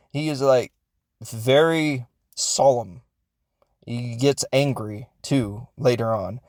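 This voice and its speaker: A man's voice: medium pitch, a little mellow, no echo, clean studio sound. A man hosting a podcast, recapping a film in a casual, rambling way, often unsure and correcting himself, with joking asides. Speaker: podcast host reviewing films.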